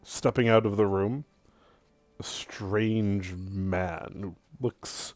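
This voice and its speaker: A man narrating a tabletop role-playing game as game master, in a deliberate storytelling manner. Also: on the low side, fairly even intonation, darkish tone, no echo, clean studio sound.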